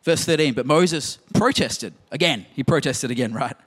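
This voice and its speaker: A man's voice: medium pitch, moderate pace, a bit bright, husky. A man preaching a sermon in a conversational, emphatic way, full of rhetorical questions. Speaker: pastor.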